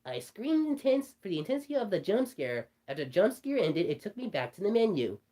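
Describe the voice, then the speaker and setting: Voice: medium pitch, big pitch swings, a little fast, mellow. A performer voicing a cartoon rabbit telling a creepy story, rambling with stumbling restarts. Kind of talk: storytelling in character.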